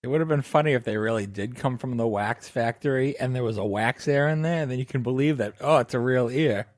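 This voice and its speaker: A man with a mid-pitched voice, trading jokes and teasing quips in a casual podcast chat. The sound is dry and close. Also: a little fast, no room sound. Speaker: podcast co-host.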